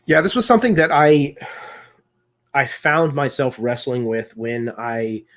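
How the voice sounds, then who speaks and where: A man's voice: mid-range voice, measured pace, a bit bright. A man hosting a live video discussion, talking casually with many fillers and restarts. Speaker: host.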